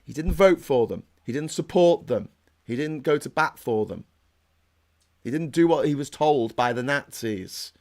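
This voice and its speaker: A man's voice: a little high, lively intonation, unhurried, a little mellow. A man hosting a casual political commentary livestream. He rambles and restarts often, gets heated, and reads out viewer comments. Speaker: host.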